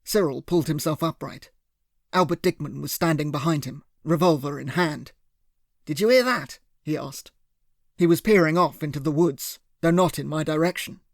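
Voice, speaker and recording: Man, thriller audiobook narrator, voice a bit high, steady and clear, dry booth. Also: moderate pace, no echo. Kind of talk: first-person thriller narration.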